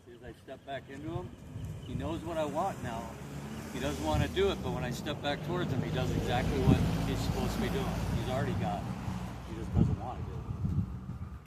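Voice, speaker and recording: A man working as a dog trainer outdoors in a rural yard, explaining his methods between short firm commands to the dog. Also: brisk. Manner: high excited praise to the dog. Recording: distant mic, loud outdoor noise.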